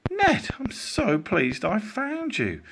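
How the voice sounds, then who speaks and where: A man voicing a young girl, an emotional caring big sister, in a high excitable voice. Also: takes it slowly, creaky, background noise, heavily acted.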